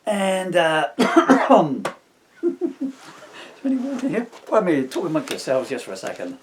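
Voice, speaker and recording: A man's voice: high voice, huge pitch swings, unhurried, slight background noise. A man reading aloud from his own comic novel, breaking off often for self-mocking asides. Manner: digressive, self-mocking jokes between passages.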